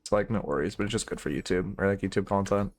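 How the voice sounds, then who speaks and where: A man's voice: low-pitched, fast. Profane, rambling young male streamer. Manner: rambling, profane, frank critique. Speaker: streamer and game coach. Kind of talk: casual live-stream commentary.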